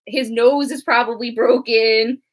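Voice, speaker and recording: A woman's voice: on the high side, fairly even intonation, a little slow. A young woman co-hosting a live show discussion, chatty and giggly, reading out viewer comments. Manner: chatty, giggly, filler-heavy. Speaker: co-host.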